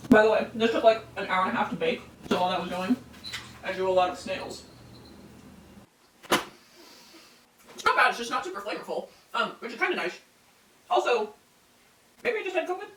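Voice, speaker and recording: A man's voice: sits high, lively intonation, quick pace, a bit bright. Young man, home baking vlogger. Rambling, self-mocking, swears freely; distant laptop mic in a roomy, noisy kitchen. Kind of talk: casual solo vlog chat while baking.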